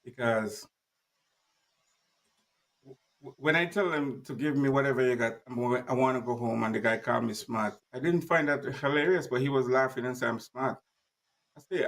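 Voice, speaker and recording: A man's voice: medium pitch, normal speed, creaky, pauses often, fairly bright tone, far from the mic. A man as a guest, telling a personal story in plain, emphatic words and acting out the dialogue.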